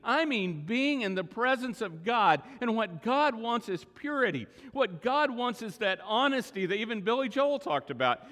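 A middle-aged man preaching a sermon as pastor, earnest and emphatic, slowing down to stress key words. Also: very high-pitched, fairly bright tone. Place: church sanctuary. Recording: long hall reverb.

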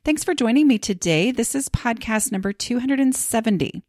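A woman's voice: on the high side, expressive, moderate pace, a little mellow, no echo, clean studio sound. A woman hosting a podcast, chatting casually and rambling with lots of fillers and restarts. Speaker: podcast host.

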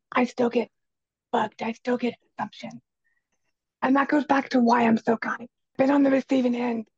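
A woman with a quiet, raspy voice, talking earnestly as a guest on an interview, stressing key phrases by repeating them. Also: a little high, no room sound, muffled recording. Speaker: podcast guest, speaker and kitchen coach. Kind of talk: casual conversation.

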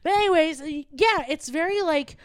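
A woman's voice: very high-pitched, normal speed. A woman co-hosting a comedy podcast, chatty, with frequent "like" and laughter. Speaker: podcast co-host. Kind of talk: casual comedic chat.

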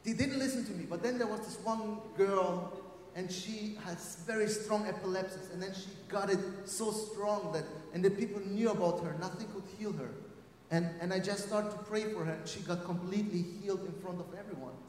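Man, preacher, fairly high voice, heavy hall echo. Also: a little fast, a little hiss or hum. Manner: emphatic, swings from loud calls to hushed storytelling. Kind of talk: sermon with storytelling. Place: large hall. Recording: echoey hall from a distance.

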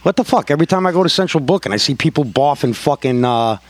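Halting, cursing New host. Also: male voice, mid-range voice, expressive, no echo. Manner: profane, halting, repeats words. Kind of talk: casual chat.

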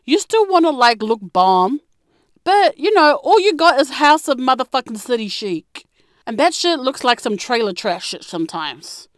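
A young woman, ranting and telling stories in a brash, profane way, with sudden high-pitched outbursts. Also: sing-song, normal speed, no echo, studio quality. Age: young adult. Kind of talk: profane storytelling rant to camera.

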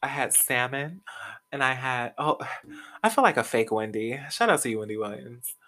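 A man's voice: medium pitch, normal speed, sharp tone. A young man hosting a podcast, chatting casually and gossiping about pop culture, swearing freely and laughing often. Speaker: podcast host.

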